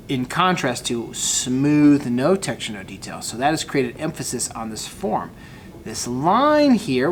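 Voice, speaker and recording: Guy teaching a photo class, laid back, points at pictures, faint rumble behind. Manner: casual, walks through example photos, addresses students as guys. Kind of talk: recorded class lecture.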